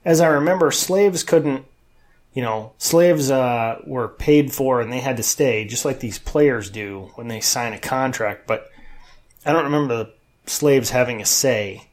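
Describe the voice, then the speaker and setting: A man's voice: medium pitch, unhurried. A man co-hosting a talk show, chatting casually with wry, skeptical sarcasm. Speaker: co-host.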